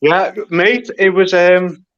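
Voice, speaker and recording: A chatty man with a slightly raised pitch trades casual banter and calls everyone mate. His audio comes through dull and lo-fi. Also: steady tone, slow pace, a bit bright. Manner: matey, chatty. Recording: lo-fi muffled audio.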